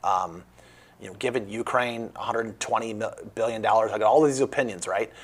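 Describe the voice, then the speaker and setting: A man's voice: on the low side, fairly quick. A man with a Midwestern American accent hosting a casual political talk show, joking and rambling as he speaks.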